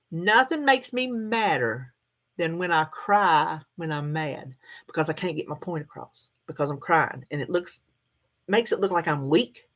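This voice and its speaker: A middle-aged woman, chatting casually with her viewers and laughing often as she answers their comments. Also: low-pitched. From United States. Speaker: livestream host.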